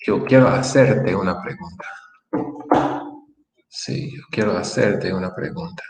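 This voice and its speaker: A man teaching a Spanish lesson in a relaxed way, repeating example phrases slowly as he writes them out. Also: low-pitched. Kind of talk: online language lesson. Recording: echoey room with faint noise.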